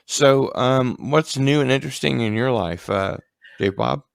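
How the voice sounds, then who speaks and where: A man's voice: medium pitch, a little slow, creaky, smooth, no echo. A man hosting a casual livestream chat, rambling with ums and restarts. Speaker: livestream host.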